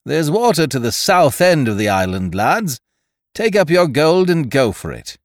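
Man playing Ned Low, high gloating pirate. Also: sing-song, a little slow, no room sound, clean studio sound. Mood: mocking. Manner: gloating, blithe, derisive. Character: mocking cheerful pirate captain man.

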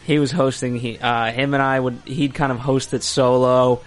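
A man's voice: mid-range voice, little pitch movement, normal speed. A man, a show producer, chatting from the studio booth in a hesitant way with many restarts. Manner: hesitant, lots of fillers and restarts. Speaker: producer and co-host. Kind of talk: casual chat.

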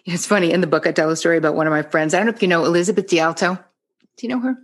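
Low husky New Jersey woman, candid. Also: rapid-fire. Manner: candid storyteller, swears freely, acts out quoted dialogue. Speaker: psychotherapist guest. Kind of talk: casual podcast conversation.

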